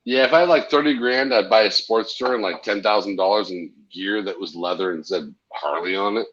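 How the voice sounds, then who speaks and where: A man's voice: lowish voice, brisk, a bit bright, muffled recording. A man in casual chat, ranting brashly and swearing about other riders.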